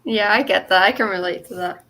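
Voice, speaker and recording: A woman's voice: medium pitch, a little fast, sharp tone, poor audio. A woman from the north west of England with a Scouse accent, chatting easily as a co-host. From Skelmersdale, England. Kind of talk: casual chat on a livestream.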